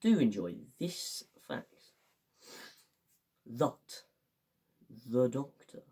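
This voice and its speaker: A man's voice: medium pitch, big pitch swings, very slow, dark tone, slightly rough. A young man, casually reviewing a show and rambling with lots of fillers and enthusiasm. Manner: rambling, filler-heavy, enthusiastic, acts out quotes. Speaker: fan reviewer.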